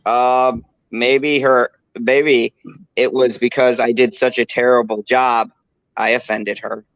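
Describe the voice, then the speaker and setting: A man co-hosting a casual stream, making slow joking asides. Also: medium pitch, flat delivery, a bit bright, dry recording, rough recording. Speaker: stream co-host. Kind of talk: casual chat.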